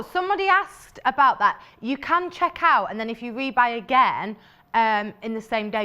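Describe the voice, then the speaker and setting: A British woman hosts a live shopping channel show about fabrics. She chats enthusiastically and fills her talk with asides and fillers. Her voice sits at an ordinary middle pitch. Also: pushed and bright. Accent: British English. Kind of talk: live sales presentation.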